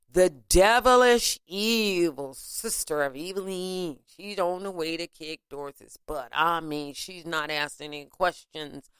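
Woman, unhurried, animated casual storyteller, clean smooth voice, dry close sound. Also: on the low side, dry recording. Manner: animated retelling, breaking into sung snippets.

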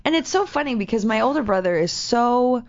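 A woman chatting casually in an animated, rambling way, often laughing as she talks. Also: fairly high pitch, a little fast. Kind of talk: casual chat. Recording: dull lo-fi sound.

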